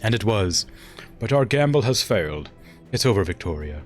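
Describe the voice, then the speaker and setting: A man's voice: fairly low pitch, very animated, normal speed, soft background music. A man reading a weary, defeated older ruler from a game in an English accent, grave and resigned. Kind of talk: reading game dialogue aloud.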